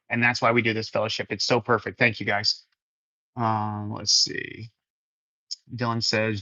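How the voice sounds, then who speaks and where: A man's voice: medium pitch, pushed and bright, dry recording, highs cut off. A man hosting a casual faith livestream, reading viewers' comments aloud and answering them in an earnest, encouraging way. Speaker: livestream fellowship host.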